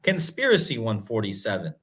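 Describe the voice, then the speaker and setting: A man hosting a livestream, talking in an excited, emphatic way and repeating points for his viewers. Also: fairly low pitch, fairly quick. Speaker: host. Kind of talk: livestream commentary.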